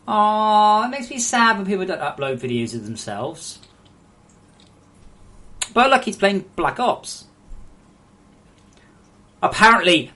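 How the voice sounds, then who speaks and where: Low-pitched, lively woman ranting on stream. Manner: profane, ranting, quick to anger. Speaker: game developer streaming live. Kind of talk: casual livestream chat, reading viewer messages aloud.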